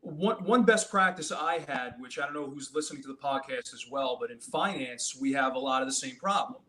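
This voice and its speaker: A man's voice: medium pitch, animated, fairly quick, a bit bright, low-quality recording. A man who works in dealership finance, talking casually on a podcast and explaining a best practice with some fillers. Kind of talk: casual conversation.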